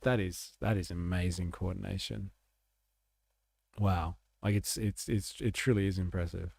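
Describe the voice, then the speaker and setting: A man's voice: lowish voice, gravelly, darkish tone, no room sound. A man hosting a livestream, rambling through casual political commentary with sarcastic asides. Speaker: livestream host.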